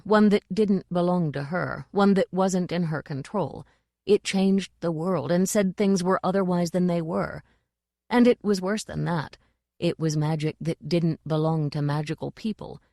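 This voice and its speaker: A woman narrating an audiobook in a measured, expressive way. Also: on the low side, no room sound, clean studio sound. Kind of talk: scripted narration.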